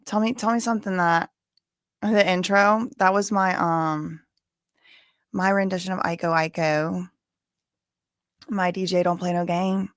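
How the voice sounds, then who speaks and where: A woman's voice: on the low side, fairly even intonation, unhurried, long pauses, no room sound, clean studio sound. Chatty Cajun woman hosting a livestream. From Louisiana. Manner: chatty, rambling, with filler words and asides. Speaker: livestream host. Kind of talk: casual livestream chat.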